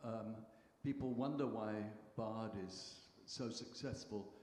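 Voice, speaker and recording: A man in the audience giving a heartfelt, halting tribute with many restarts. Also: lowish voice, steady tone, a little mellow. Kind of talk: spontaneous tribute speech. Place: large hall with audience. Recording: echoey hall, faint room noise.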